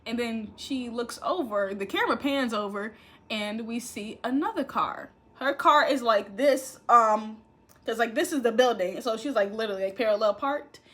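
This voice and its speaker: Animated young woman recapping reality TV. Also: fairly high pitch, moderate pace. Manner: animated storytelling, acting out quotes, frequent laughter. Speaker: commentary vlogger.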